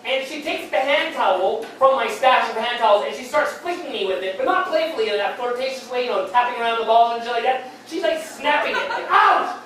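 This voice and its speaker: A man's voice: extremely high pitch, fairly bright tone. Rambling male stand-up comic in an echoey hall. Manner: rambling, halting delivery with many restarts and fillers. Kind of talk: stand-up storytelling. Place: beer hall comedy stage. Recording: very echoey hall, distant mic, faint noise.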